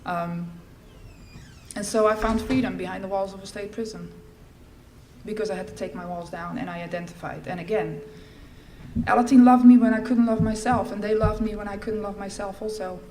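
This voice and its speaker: A middle-aged woman giving a personal testimony at a recovery fellowship event, telling her story in a lively way and acting out the lines she quotes. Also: medium pitch, normal speed, a crowd in the background. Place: large event hall. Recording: echoey hall with faint ambience.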